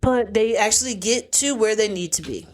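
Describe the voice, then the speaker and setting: A woman with a slightly high voice, speaking at a normal pace, hosts a podcast and chats casually as she retells a TV episode. She's a lively storyteller, acting out the characters' quoted lines as she goes.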